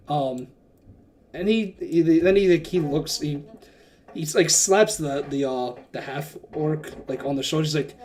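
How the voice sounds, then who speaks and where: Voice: medium pitch, unhurried, a little mellow, a little hiss or hum. A game master narrating a tabletop game in a loose, chatty way with self-mocking asides.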